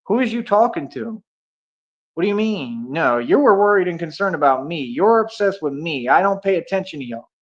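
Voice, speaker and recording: A man's voice: high-pitched, lively intonation, normal speed. A man hosting a livestream debate, combative and taunting, repeating himself and throwing in slang. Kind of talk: confrontational livestream argument. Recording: dull lo-fi stream audio.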